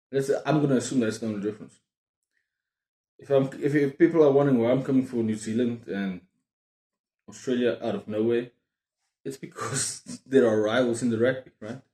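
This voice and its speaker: A man's voice: medium pitch, a little mellow. A man talks casually to camera as a book vlogger, rambling through jokey asides and tangents. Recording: roomy echoing room.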